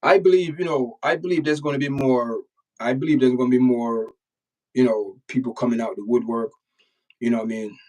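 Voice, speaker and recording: A man's voice: mid-range voice, steady tone, a little fast, dark tone, recorded from a distance, poor audio. A man from Jamaica with a Jamaican accent, hosting a casual livestream and lecturing his chat with emphatic, repetitive phrasing. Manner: emphatic, repeats words, lectures the chat directly. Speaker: channel host reacting to news and chat.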